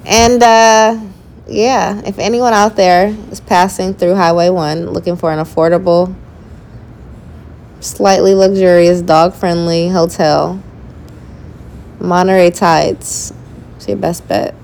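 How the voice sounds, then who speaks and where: A woman's voice: fairly low pitch, fairly even intonation, takes it slowly, long pauses, a little mellow, slight background noise. A woman co-hosting a casual travel podcast with her partner, chatty and laughing easily. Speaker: podcast co-host.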